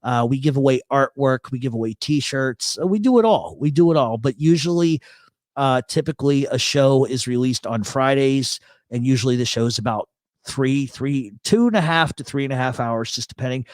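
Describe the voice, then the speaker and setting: A man's voice: mid-range voice, moderate pace, no room sound. A man from New York hosting a casual livestream chat, blunt and joking, swearing freely, on an expensive studio mic run through a voice processor. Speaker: host. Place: home studio.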